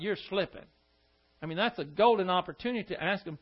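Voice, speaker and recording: A man with a high voice preaches a sermon. He keeps asking his listeners pointed rhetorical questions and throws in scornful asides. The recording sounds dull and lo-fi. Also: expressive, quick pace.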